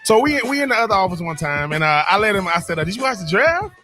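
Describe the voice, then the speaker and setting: A man's voice: high-pitched, very animated, fast talker, sharp tone, soft background music. A man, co-hosting a radio show, telling stories in a casual chat with frequent repeats and laughs. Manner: repeats words and restarts, laughs often.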